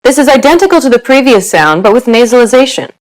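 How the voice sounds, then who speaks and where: A woman's voice: fairly high pitch, very animated, quick pace, poor audio. A woman giving scripted narration for a pronunciation lesson, upbeat and encouraging.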